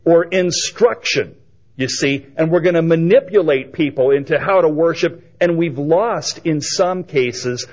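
A man preaching a sermon, swinging between loud emphatic lines and hushed quiet ones. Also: mid-range voice. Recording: dull lo-fi recording.

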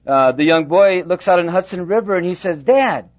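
A pastor preaching a sermon, telling a folksy story with halting restarts. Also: male voice, sits high. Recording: dull lo-fi sound.

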